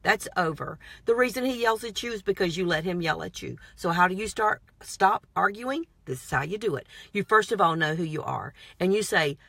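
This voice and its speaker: A woman's voice: mid-range voice, lively intonation, fairly quick, vocal fry, few pauses, a bit bright, no room sound. A woman vlogger giving motivational self-help advice, emphatic and repetitive, with a prayerful, coaching manner. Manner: earnest, prayerful sign-off.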